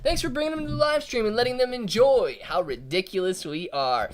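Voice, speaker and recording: A man's voice: sits high, expressive, a little fast, slight background noise. A man hosting a casual live stream, reading out viewer chat and talking loosely with his audience. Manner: loose and chatty, calls viewers dude and man.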